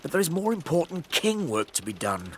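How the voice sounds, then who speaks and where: A man's voice: fairly high pitch, big pitch swings, a little fast, fairly bright tone, a little hiss or hum. A meek, flustered fairy king. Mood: weary. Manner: mild, flustered, very up-and-down. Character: meek put-upon fairy king, middle-aged.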